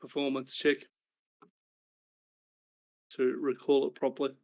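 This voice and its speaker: A man narrating a tabletop game as game master, calm and brisk. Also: medium pitch. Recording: dull lo-fi recording.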